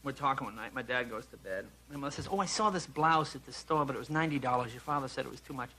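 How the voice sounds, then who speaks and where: A man's voice: mid-range voice, quick pace. A man in his thirties, a comedian guest on a talk show, telling comic stories and putting on mocking voices. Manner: animated, jumps into mocking voices of family and strangers. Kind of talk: stand-up storytelling on a talk show. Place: television studio with audience. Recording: noisy 1980s broadcast recording.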